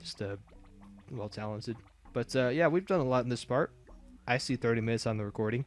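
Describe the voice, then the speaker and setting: A man's voice: mid-range voice, fairly quick. A man casually commentating his own game playthrough, rambling with restarts. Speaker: gaming video host. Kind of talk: casual let's-play commentary.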